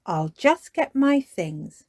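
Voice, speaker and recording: A woman voicing a cheerful mother pig in a storybook reading, gentle and sing-song. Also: medium pitch, big pitch swings, slow, no echo, studio quality, full character voice. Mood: pleasant.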